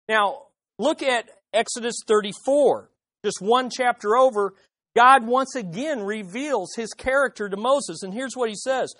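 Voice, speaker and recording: A woman's voice: on the high side, a little slow, a bit bright, no echo. A woman preaching a sermon, putting rhetorical questions to the audience with emphasis.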